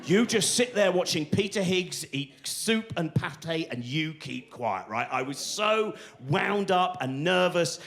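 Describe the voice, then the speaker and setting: A man's voice: on the high side, unhurried, creaky, hardly any pauses. A middle-aged man from England doing a rambling, self-deprecating stand-up routine on a live stage. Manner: rambling, self-deprecating, animated, restarts often. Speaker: stand-up comedian.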